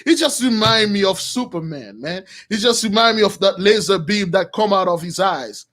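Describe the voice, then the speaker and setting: A man retelling a Bible story with lively, slangy commentary, calling his listeners brothers. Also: high-pitched, normal speed.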